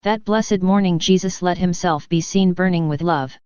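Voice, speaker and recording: A woman reads a mystic's diary in an earnest, steady first-person voice. Her tone is low and very clear. The recording is dry and close, and a little muffled, like a lo-fi recording. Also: moderate pace, no room sound. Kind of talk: devotional reading.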